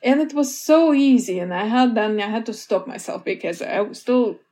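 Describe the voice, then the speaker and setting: A woman's voice: fairly high pitch, animated, normal speed, dark tone. Giggly woman author, rambling and upbeat. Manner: giggly, rambling, laughs often. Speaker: author guest. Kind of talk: casual interview chat.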